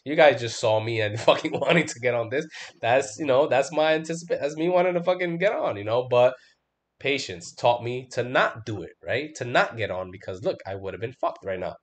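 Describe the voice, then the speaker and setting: A man's voice: medium pitch, lively intonation, fairly quick. A middle-aged man hosting a trading livestream, talking in an emphatic, casual style full of swearing and "bro"s, now and then mimicking his own panicked outbursts. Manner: emphatic, swears constantly, lots of "right?" and "bro". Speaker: trading stream host. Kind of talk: casual profane livestream chat.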